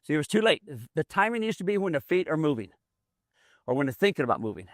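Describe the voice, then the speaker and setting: A man's voice: on the high side, big pitch swings, fast, no echo, clean studio sound. A man running a hands-on mule training demonstration outdoors, explaining in a folksy, plainspoken way as he works. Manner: folksy, explains as he works, drawling rural grammar.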